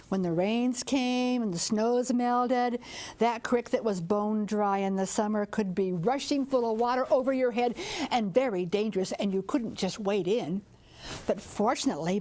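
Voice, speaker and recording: An older woman storyteller spins a folktale. Her voice sits a bit high and moves expressively as she draws listeners in. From southern Indiana. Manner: lively, expressive, audience-engaging. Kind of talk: oral folktale telling.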